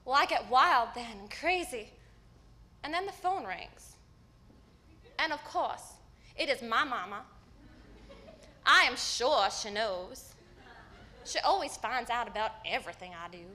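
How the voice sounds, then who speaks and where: A woman acting a stage monologue as a candid, wry woman recalling her teenage self, telling the story with vivid swings from hushed to loud. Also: on the high side, lively intonation, measured pace, pauses often. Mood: breathless excited. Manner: storytelling with vivid shifts in loudness. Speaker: stage actor. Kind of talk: live theatrical monologue. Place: theater stage.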